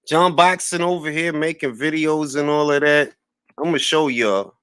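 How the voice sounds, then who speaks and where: A man's voice: a little high, a little slow, fairly bright tone, smooth, dry recording, clean studio sound. A man hosting a boxing talk livestream, ranting and trash-talking a rival with mocking laughs and greeting chat viewers. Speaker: boxing talk show host.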